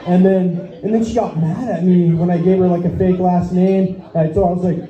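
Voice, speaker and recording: Young male comic, high voice, dark tone, rambling and profane, echoey lo-fi club audio. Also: brisk, few pauses. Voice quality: profane, rambling, self-amused. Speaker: stand-up comic. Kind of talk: stand-up set. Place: small comedy venue.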